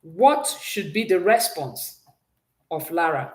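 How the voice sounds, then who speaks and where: A woman's voice: lowish voice, sing-song, slow pace, darkish tone, reverberant. A woman teaching a French exam-prep class, patiently drilling pronunciation and praising answers often. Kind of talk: exam-prep language lesson.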